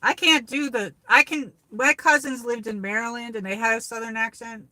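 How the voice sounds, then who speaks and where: A rambling woman with a New York accent chats casually on her livestream, reading out viewer comments as she goes. Her voice is bright and forward, and the sound is close and dry with no room around it. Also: fairly high pitch, fairly even intonation, moderate pace, no room sound. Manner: rambling, chatty, reads viewer comments aloud. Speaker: livestream host. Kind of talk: casual live chat with viewers. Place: car on a drive.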